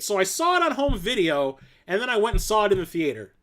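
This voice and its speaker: Male host, 40s, slightly high voice, chatty and rambling with lots of fillers, for a casual stream. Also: very animated, fast talker, hardly any pauses, a bit bright. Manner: rambling, filler-heavy, enthusiastic. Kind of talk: casual livestream chat.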